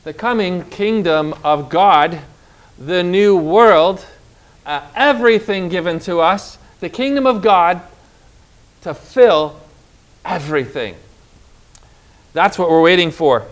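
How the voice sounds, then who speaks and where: A man's voice: high voice, slow pace, pauses often. A man preaching a sermon with emphatic delivery, stretching out key words and calling on the congregation to repeat phrases.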